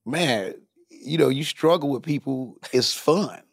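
A man from Chicago's west side, in his forties, telling profane stories in an animated casual chat as a podcast host. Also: mid-range voice, measured pace, vocal fry, breathy edge, dry recording, clean studio sound. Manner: animated, profane storytelling with quoted voices.

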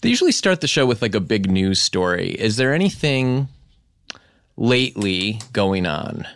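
A man hosting a comedy podcast, deadpan while riffing an improv bit. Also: lowish voice, moderate pace, gravelly. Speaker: podcast host.

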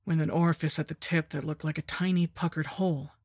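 A woman narrating a horror story in the first person, with a measured, grim delivery. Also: sits low, steady tone, darkish tone, husky, no echo, clean studio sound. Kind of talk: scripted narration.

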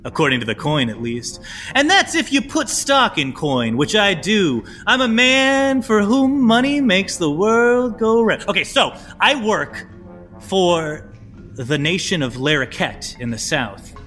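A man voicing a smooth-talking, self-assured male rogue spy in a tabletop game, coy and teasing. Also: high-pitched, big pitch swings, a little slow, fairly bright tone, soft background music, voice pushed up, exaggerated voice. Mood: explaining.

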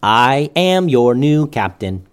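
A man voicing a calm, commanding male robot, speaking slowly and deliberately. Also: medium pitch, clear, resonant tone. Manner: slow, deliberate, stern.

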